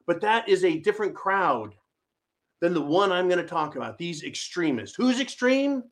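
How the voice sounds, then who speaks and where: Male host, fairly high voice, mocking and combative, ranting political commentary. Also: big pitch swings, moderate pace. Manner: sarcastic, mocking, shouty rants with audience asides.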